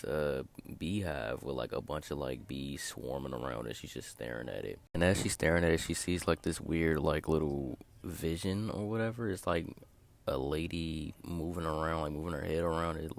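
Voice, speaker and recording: Man, very deep voice, gravelly fry, casual episode recap, rambling, lots of filler words. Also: normal speed. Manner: rambling, heavy use of filler like "like" and "or whatever"; retells scenes by quoting characters in his own plain voice. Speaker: video host recapping a TV episode.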